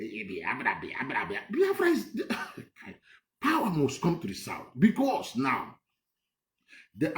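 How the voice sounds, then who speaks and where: Guy ranting about politics, voice jumping all over, echoey room. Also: on the high side. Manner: rambling, emphatic, repeats phrases. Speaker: political commentator. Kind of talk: heated political monologue.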